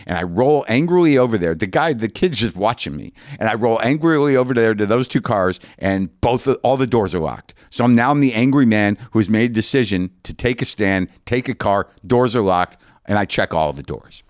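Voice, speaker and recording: A man's voice: mid-range voice, lively intonation, a little fast, no room sound, clean studio sound. An older man doing stand-up, telling a long story in a ranting, self-mocking way and acting out both sides of the conversation. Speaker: comedian.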